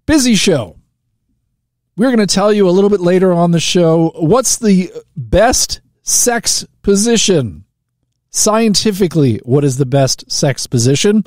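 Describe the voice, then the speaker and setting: A man's voice: high-pitched, lively intonation, unhurried, a little mellow, no room sound, clean studio sound. A man hosting a live talk radio show, chatting casually and joking, with lots of fillers and restarts. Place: radio studio.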